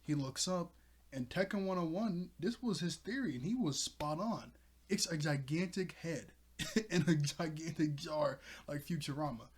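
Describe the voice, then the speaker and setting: A man's voice: a little high, animated, moderate pace, slightly rough. A man giving a casual, rambling recap of a manga chapter, chuckling as he goes. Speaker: manga reviewer.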